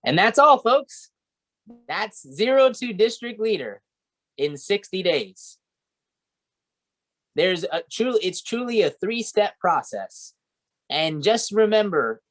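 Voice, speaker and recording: A man's voice: sits high, very animated, slow pace, pauses often, fairly bright tone. A man training a sales team, coaching and encouraging, often checking in with "right?" and "okay?".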